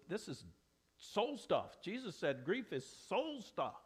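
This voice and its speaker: A man's voice: high-pitched, sing-song, takes it slowly, slightly rough. A middle-aged man preaching a sermon in a church, earnest and conversational, often restarting his sentences. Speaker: pastor. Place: church sanctuary.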